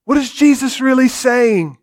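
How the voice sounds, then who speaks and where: A man preaching a dramatic sermon in church, swinging between loud declarations and hushed, low passages. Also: expressive, unhurried. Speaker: pastor.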